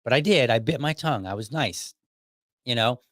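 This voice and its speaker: A man's voice: mid-range voice, animated, moderate pace, a bit bright, dry recording. Dry-voiced man telling a story wryly. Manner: storytelling, argumentative and wry. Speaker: podcast host. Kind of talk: casual podcast monologue.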